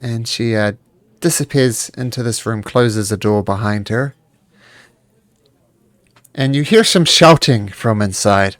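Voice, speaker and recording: A man narrating as game master of a streamed tabletop game, relaxed and halting. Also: mid-range voice, no room sound, studio quality. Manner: relaxed, halting, many restarts.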